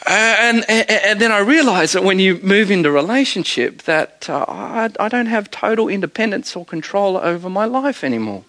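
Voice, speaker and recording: Bright, lively male pastor preaching. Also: sits high, moderate pace. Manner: conversational, animated preaching with humor. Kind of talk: sermon.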